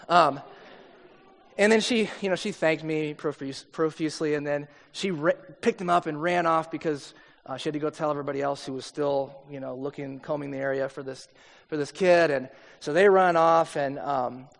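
A middle-aged pastor with a high voice preaches in a casual, storytelling way, full of little asides. His voice carries with a long reverb tail from a large hall. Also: gravelly, fairly bright tone. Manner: conversational storyteller, many asides. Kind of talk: sermon with personal story.

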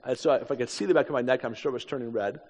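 A man's voice: medium pitch, racing, a little mellow. Man preaching in an echoey hall. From United States. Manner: conversational, self-deprecating asides. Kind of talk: storytelling sermon.

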